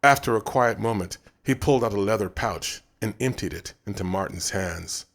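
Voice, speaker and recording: A man narrating an audiobook in a measured, subdued way. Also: on the low side, vocal fry, a bit bright. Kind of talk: scripted narration.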